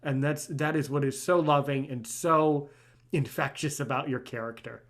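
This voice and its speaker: A man's voice: mid-range voice, fairly even intonation, moderate pace. A man hosting a podcast interview, chatting casually and enthusiastically, joking and repeating words as he starts sentences. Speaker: podcast host.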